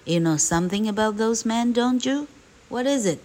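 A woman's voice: lowish voice, a little slow, close to an everyday voice. A woman voicing a kindly older male farmer in a storybook, with a raised, hearty manner.

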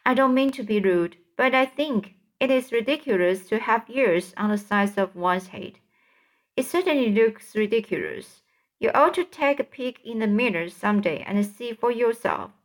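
A woman's voice: a little high, animated, moderate pace, close to an everyday voice. A woman reading a storybook aloud and voicing a cheeky, rude centipede who teases scornfully. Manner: scornful, teasing.

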